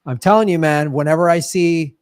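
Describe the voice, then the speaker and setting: A man with a Chicago accent chats casually on a podcast, spinning anecdotes and laughing as he goes. His voice sits a little high. The sound is dry and close to the mic. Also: a little fast, a little mellow, clean tone, dry recording. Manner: chatty storyteller, laughs often. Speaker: podcast co-host. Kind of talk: casual chat.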